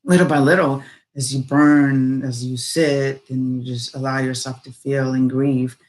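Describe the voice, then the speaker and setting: A woman speaking casually and reflectively on personal growth, animated and rambling, full of fillers. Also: rumbling low, unhurried.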